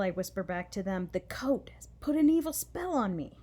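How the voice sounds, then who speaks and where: A woman reading a children's chapter book aloud, animated and switching voices for each character. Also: mid-range voice, normal speed. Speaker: storybook reader.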